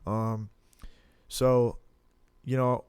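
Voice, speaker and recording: A man's voice: mid-range voice, flat delivery, extremely slow, a little mellow, smooth, no room sound. A young man chatting casually on a podcast, rambling with lots of restarts and blunt, profane remarks. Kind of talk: casual podcast chat about fighting.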